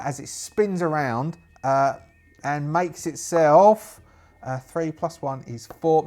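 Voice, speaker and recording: A man narrating a solo tabletop game, chatty and rambling, laughing to himself. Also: a little high. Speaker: game master.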